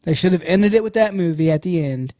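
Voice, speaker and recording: Man, podcast co-host, high-pitched voice, blunt and rambling, heavy swearing, dry close mic. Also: a little fast, no echo. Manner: animated, profane, blunt, rambling. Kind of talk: casual podcast chat.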